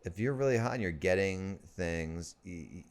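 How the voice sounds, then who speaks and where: A man with a very deep, smooth voice, talking as a guest in a podcast studio. He teases drily and deadpan, often stopping and restarting mid-sentence. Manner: dry, deadpan teasing with halting restarts. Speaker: comedian guest. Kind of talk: casual comedic chat.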